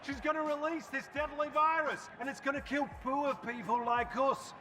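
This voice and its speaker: An actor playing a crude, loud working-class northern English man in a film scene, bellowing his lines. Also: very high-pitched, steady tone, normal speed. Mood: urgent. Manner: bellowing, brash. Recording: film soundtrack with music.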